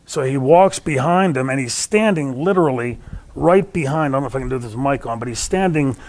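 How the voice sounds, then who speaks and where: A man with a medium-pitched voice speaks briskly as an interview guest, telling stories. He's an animated storyteller who acts out the voices of the people he quotes.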